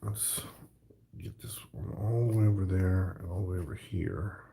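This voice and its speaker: A man's voice: low-pitched, fairly even intonation, moderate pace, gravelly, warm tone. A middle-aged man hosting his own channel, rambling jokily in casual chat and laughing often. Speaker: YouTube art channel host.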